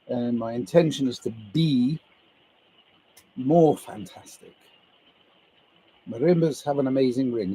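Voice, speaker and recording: A man rambles to his livestream viewers in an unhurried, drifting monologue. His voice is husky and mellow, and the pace stays slow and easy. He tosses in casual swearing as he muses. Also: mid-range voice, poor audio. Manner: meandering, musing, swears casually.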